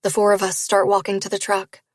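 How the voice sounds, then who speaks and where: A woman narrating a first-person romance novel in a steady storytelling read. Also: mid-range voice, fairly quick, no echo, clean studio sound. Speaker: audiobook narrator.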